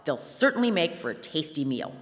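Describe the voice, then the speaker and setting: Lady reading doing a shrill nasty old witch, bossy, big echoey hall. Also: big pitch swings, a little fast. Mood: wicked. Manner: raised, barking commands. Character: wicked old witch woman, greedy and sly. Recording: long hall reverb.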